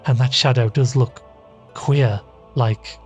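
A man voicing a brusque, secretive brother in a ghost story, sharp then forcedly easy. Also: medium pitch, fairly even intonation, slow, soft background music, lightly acted. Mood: uneasy.

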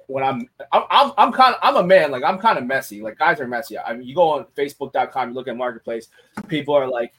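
A man with a mid-range, somewhat bright voice chats casually on a podcast, captured in a rough recording. His talk is candid and full of profanity, and he restarts sentences, repeating words while he thinks.

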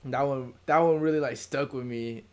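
A man's voice: medium pitch, steady tone, normal speed, darkish tone, smooth. A young man co-hosting a podcast, talking in laid-back slangy banter and laughing often. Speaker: podcast co-host. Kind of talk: casual chat. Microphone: podcast mic.

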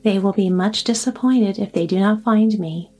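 A woman's voice: medium pitch, normal speed, dark tone, faint music behind, close to an everyday voice. A woman reading as a courteous, secretive man. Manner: polite, reserved.

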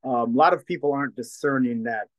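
A man, a guest in a conversation, telling a personal story in a lively way and acting out the dialogue of the people in it. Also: medium pitch, fast, no room sound, poor audio. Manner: lively storyteller who acts out quoted dialogue. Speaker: guest, deliverance minister and former counselor. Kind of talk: storytelling testimony in casual conversation.

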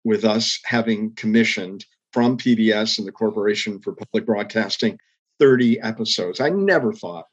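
Older guy telling stories in an interview, kinda husky, earnest, slightly muffled audio. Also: on the low side, moderate pace. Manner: earnest, reflective storytelling with emphatic rises. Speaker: interview guest, former public TV executive. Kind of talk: storytelling interview.

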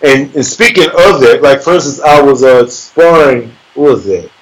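A man's voice: mid-range voice, animated, normal speed, low-quality recording. A man telling a sparring story in a casual chat, cursing freely, bragging and laughing as he acts out the punches with sound words. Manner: profane, boastful, laughs as he talks.

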